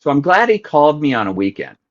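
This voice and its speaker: A middle-aged man, a podcast guest, telling a story with lively back-and-forth dialogue. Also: on the high side, fast talker. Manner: animated storyteller acting out both sides of a phone call. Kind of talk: storytelling in an interview.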